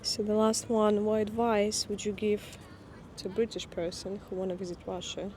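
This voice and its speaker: A woman asks brief, matter-of-fact interview questions in a warm, mellow voice. Faint traffic noise sits in the background outdoors. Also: medium pitch, little pitch movement, moderate pace.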